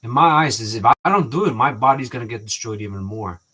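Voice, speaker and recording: A man chats to his viewers in a loose, meandering way, tripping over his own starts and circling back to points. His voice sits in an ordinary middle pitch. He slips into the voices of people he is describing. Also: animated, quick pace, sharp tone, husky. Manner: rambling, restarts often, acts out quoted exchanges. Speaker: vlogger. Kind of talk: rambling casual monologue.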